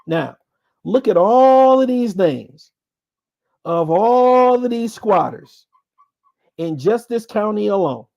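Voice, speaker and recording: Man, podcast host, emphatic commentary, fairly high voice, dark mellow tone. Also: expressive, slow pace, gravelly, pauses often, highs cut off. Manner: emphatic, repeats points for stress. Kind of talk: commentary while reading sources aloud.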